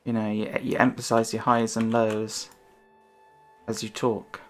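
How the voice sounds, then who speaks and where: A woman's voice: extremely low pitch, level tone, measured pace, faint music behind. A woman streamer chatting casually in a rambling, self-conscious way, her intonation rising and falling.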